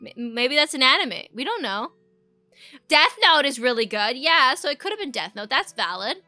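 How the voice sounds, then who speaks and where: A woman's voice: high voice, very animated, moderate pace, sharp tone, no echo, soft background music. A young adult woman streamer chatting casually with her viewers, rambling from one thing to the next and reacting to chat.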